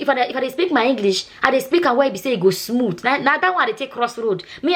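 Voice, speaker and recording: A Nigerian woman talks straight to her viewers in a loose, chatty vlog style with a strong Nigerian accent. She speaks quickly, circles back over her points and checks in with "you understand?" Her voice sits a little high for a woman. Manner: chatty, repeats herself, asks "you understand?". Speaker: nurse and vlogger. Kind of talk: casual storytelling vlog in Nigerian Pidgin.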